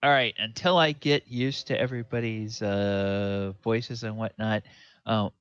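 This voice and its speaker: A man narrating as the dungeon master, slow and drawn out, with many fillers. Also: fairly low pitch, steady tone, a bit bright, smooth, dry recording, dull audio. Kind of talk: narrating a tabletop game.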